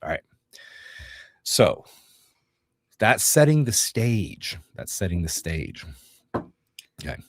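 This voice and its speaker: A man's voice: on the low side, sing-song, slow pace, pauses often, no room sound, clean studio sound. A middle-aged man hosting a casual livestream, rambling and joking while reading from notes and viewer comments. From Northeast Georgia, US. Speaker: livestream co-host.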